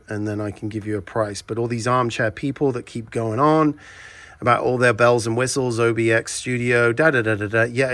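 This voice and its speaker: A man's voice: medium pitch, fairly bright tone, no echo. Blunt, chatty English man. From England. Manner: blunt, chatty, ranting asides. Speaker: video transfer shop owner. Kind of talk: casual workshop vlog. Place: his shop indoors at night.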